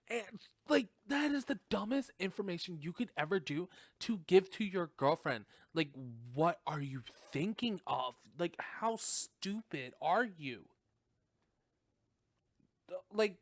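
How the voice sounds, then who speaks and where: A man hosting a podcast and giving a casual, rambling movie review, animated and full of swearing and fillers. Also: fairly high pitch, slow pace, no room sound, clean studio sound. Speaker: podcast host.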